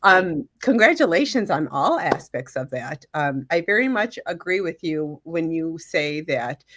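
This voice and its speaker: A woman's voice: low-pitched, lively intonation, a little slow, hardly any pauses. A woman hosting a panel discussion over a video call, affirming guests with lots of "um" fillers. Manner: warm and affirming, many fillers. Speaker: panel host.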